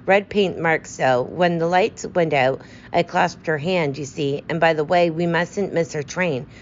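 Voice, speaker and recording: A woman voicing a fussy, precise male detective with a brisk, self-assured way of talking. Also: low-pitched, dull audio, a little hiss or hum.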